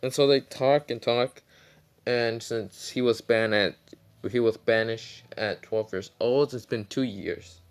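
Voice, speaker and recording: A man's voice: mid-range voice, takes it slowly, clean tone. A man casually retelling his own fan-fiction story, rambling with many fillers and side remarks.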